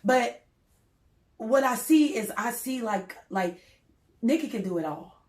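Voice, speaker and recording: A young woman in her twenties, a rapper telling stories in a casual interview, loud and animated, swearing and laughing often. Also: fairly high pitch, measured pace, roomy sound. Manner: loud, animated storytelling with lots of profanity and laughter. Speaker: rapper guest.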